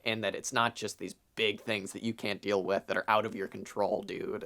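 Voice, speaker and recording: A man's voice: on the low side, moderate pace, few pauses, fairly bright tone. A young adult man co-hosting a podcast, rambling casually with lots of fillers and the odd swear word. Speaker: podcast co-host. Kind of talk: casual chat.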